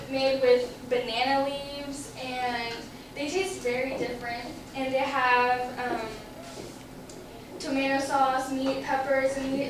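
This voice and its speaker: A woman's voice: high voice, background noise. A young woman giving an informative class speech, chatty and explaining with examples. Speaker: student giving a class presentation. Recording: roomy classroom audio from a distant camera.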